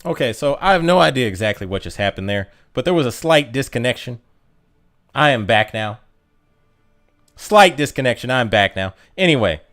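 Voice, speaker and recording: A male streamer chats loosely with his viewers, his pitch swinging up and down as he jokes. He rambles from one comment to the next and often laughs at his own bits. His voice sits at an ordinary middle pitch. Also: big pitch swings, moderate pace, fairly bright tone, soft background music. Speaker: livestreamer reading chat. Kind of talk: casual livestream chat.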